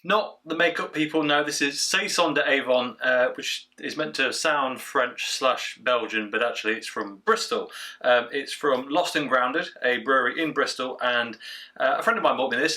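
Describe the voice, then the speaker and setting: A man giving a casual beer review from home, chatty and relaxed, with plenty of filler sounds. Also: medium pitch. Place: at home, indoors.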